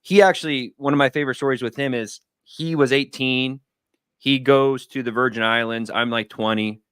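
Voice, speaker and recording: A man in his thirties chatting casually on a livestream. He rambles through personal stories and acts out his friends' lines in a higher voice. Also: steady tone, normal speed, fairly bright tone, clear, resonant tone, no echo, clean studio sound. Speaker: guest. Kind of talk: casual storytelling conversation. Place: home studio.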